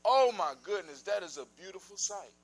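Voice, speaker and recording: A man's voice: high voice, expressive, normal speed, vocal fry, a little hiss or hum. A man voicing a curious young prince who keeps asking questions. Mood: wondering.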